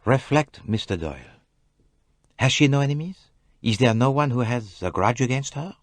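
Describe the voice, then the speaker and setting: A man reading an audiobook, voicing a fastidious older detective who speaks earnestly and formally. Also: medium pitch, animated, dry recording, pitched above the performer's own voice, lightly acted. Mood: probing. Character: fastidious older male detective, calm and probing. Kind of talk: audiobook character voice.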